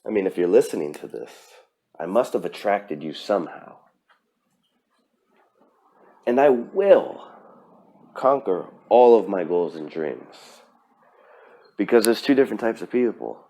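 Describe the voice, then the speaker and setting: A man's voice: fairly low pitch, very animated, moderate pace, warm tone. A man hosting his own podcast, talking earnestly and emphatically about his goals, with frequent fillers and restarts. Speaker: podcast host. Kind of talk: solo motivational podcast talk.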